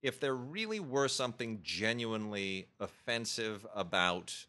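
A man's voice: fairly low pitch, lively intonation, a little slow, bright, forceful tone. A man co-hosting a podcast, thinking aloud and often restarting his sentences. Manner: thoughtful, searching for words, many restarts. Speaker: podcast co-host. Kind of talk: casual chat.

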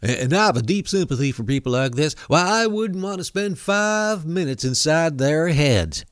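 A man's voice: on the high side, animated, moderate pace, clean tone, no room sound, studio quality, pitched above the performer's own voice, lightly acted. A man voicing a pompous, bigoted older Southern man with an American Southern accent, drawling in mock sympathy. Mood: mock-pious.

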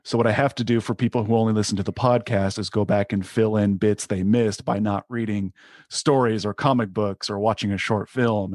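A man's voice: lowish voice, darkish tone, no room sound, studio quality. A man, an author, chatting as a guest on a podcast, earnest and appreciative, eager to explain his work. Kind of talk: casual podcast chat.

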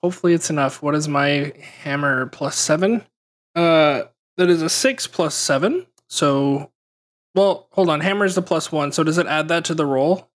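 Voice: mid-range voice, moderate pace. A player in a tabletop game who thinks aloud and hesitates while planning moves.

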